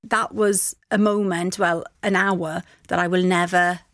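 A woman, a guest in a casual interview, telling an anecdote with animated delivery and acted-out quotes. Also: on the low side, measured pace, no room sound, studio quality. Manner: animated storytelling, acting out quotes.

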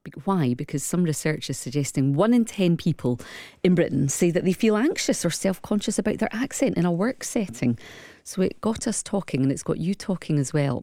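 A woman co-hosting breakfast radio in a chatty way. Her voice is low and mellow, and it sounds close and dry on a studio microphone. She laughs easily with her co-host. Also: lively intonation, a little fast, dry recording. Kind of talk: live radio chat.

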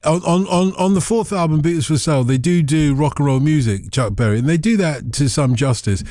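A man hosting a radio show in casual chat, excitable and rambling as he talks about old records. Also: on the high side, fairly quick, few pauses, dry recording, studio quality. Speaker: radio host.

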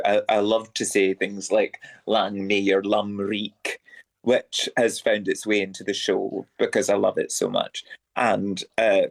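A man speaking as a radio interview guest, savoring words slowly. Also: fairly low pitch, vocal fry, no room sound.

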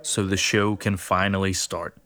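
A man with a Northern Irish accent giving calm, dry voice-over commentary on his own stand-up show. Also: low voice, moderate pace. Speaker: comedian.

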